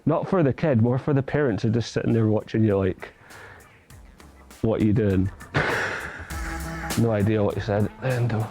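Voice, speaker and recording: A man's voice: on the low side, fairly even intonation, brisk, dark tone, faint music behind. A Scottish man chatting casually to camera, awkward and self-deprecating. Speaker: father standing in as Santa.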